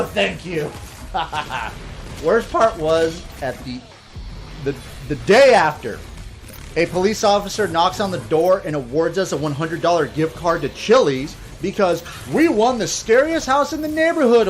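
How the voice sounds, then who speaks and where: A man telling a comedic personal story in a casual, animated way, swearing and acting out the quotes. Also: high-pitched, slight background noise.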